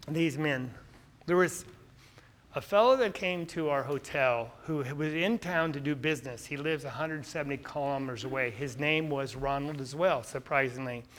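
A man, a missionary speaker, tells stories from his trips over photos with earnest feeling that turns lively. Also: a little high. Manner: earnest, turning lively and laughing in anecdotes. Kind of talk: storytelling slide presentation.

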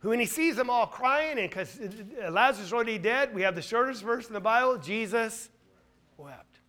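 Emphatic high-voiced male preacher. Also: lively intonation, moderate pace. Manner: emphatic, asks rhetorical questions; swings between loud stress and quiet asides. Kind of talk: sermon.

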